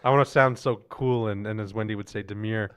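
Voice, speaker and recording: A man's voice: fairly low pitch, steady tone, fairly quick, smooth. A man guesting on a podcast, chatting casually, laughing often and rambling a little. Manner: giggly, rambling, friendly. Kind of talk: casual chat. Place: small podcast studio.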